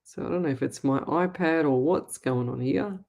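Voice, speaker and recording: A middle-aged Australian woman hosting a live psychic show, chatting and reading viewer comments aloud in a warm, chatty way. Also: deep voice, normal speed, creaky. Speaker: psychic medium show host.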